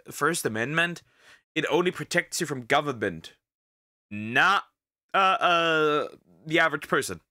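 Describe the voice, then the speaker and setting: Young guy streamer reacting, sarcastic and rambly, bright voice, lively pitch. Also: dry recording, studio quality. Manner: rambling, many fillers and restarts, sarcastic. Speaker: VTuber reacting to a video. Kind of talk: casual reaction commentary.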